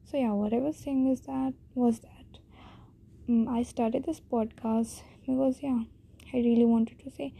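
A teenage girl with an Indian accent hosts her own casual solo podcast, rambling shyly and self-deprecatingly with many restarts. Her somewhat high voice is creaky, husky and dark-toned, with fairly even intonation and a slightly slow pace.

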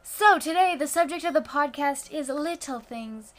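A woman's voice: sits high, moderate pace. A woman hosting her own podcast in rambling, self-deprecating casual chat, recorded on a phone while sitting on the floor at home. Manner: rambling, chatty, self-deprecating, many fillers. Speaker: podcast host.

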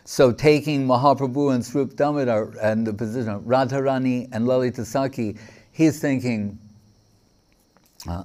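A man's voice: medium pitch, a little mellow. A man giving a devotional lecture, telling stories with quoted dialogue and frequent fillers. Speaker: spiritual teacher.

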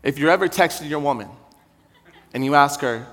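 A young adult man, a pastor, preaching in a church in a conversational, joking way that rises to shouted intensity. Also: fairly high pitch, a little fast, in a large hall. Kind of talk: sermon. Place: church sanctuary.

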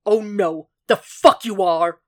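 A woman reading a podfic plays an enraged middle-aged male FBI chief who swears and snarls at full volume, the voice pushed high and hard with anger. He bellows more than he speaks, each outburst cut short and loud. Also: normal speed. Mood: furious.

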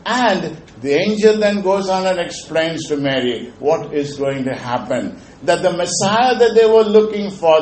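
An earnest male pastor delivering a sermon, repeating his key phrases for emphasis. His voice is fairly high. The room is echoey, with a faint hum behind him. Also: a little mellow.

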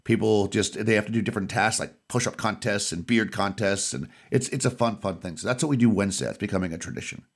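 Fast-talking low-voiced man. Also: husky. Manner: rambling, self-correcting storyteller. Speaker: podcast co-host and game master. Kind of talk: casual chat.

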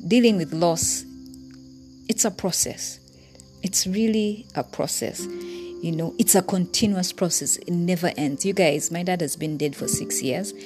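A woman hosting a podcast, speaking earnestly and from the heart straight to her listeners in a reflective personal monologue. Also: fairly low pitch. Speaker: podcast host.

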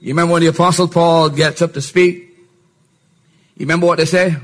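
A man's voice: on the high side, little pitch movement, fairly quick. A male pastor preaching a sermon with emphatic rhetorical questions and repeated refrains.

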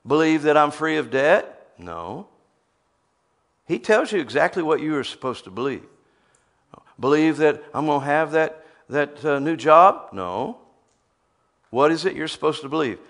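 A man's voice: fairly high pitch, animated, measured pace, pauses often, a bit bright. A man preaching a sermon, reading scripture aloud and teasing the crowd with rhetorical questions.

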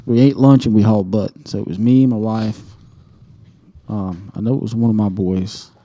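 Male co-host; warm, dark tone; animated, profane storyteller. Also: fairly low pitch, normal speed. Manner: animated storyteller, swears freely, laughs mid-story. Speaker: podcast co-host. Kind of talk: casual hunting story.

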